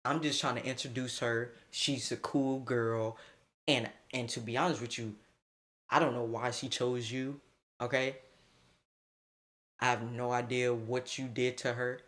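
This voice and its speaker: A man's voice: medium pitch, flat delivery, a little slow, a bit bright, close to an everyday voice. A man doing a blunt, sassy young woman. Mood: defensive.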